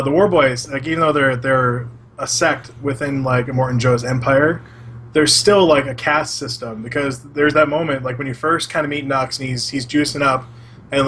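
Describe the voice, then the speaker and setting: A man guesting on a casual podcast, explaining in a quick, rambling way full of "like". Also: medium pitch, fairly bright tone, a little hiss or hum. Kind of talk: casual chat over drinks.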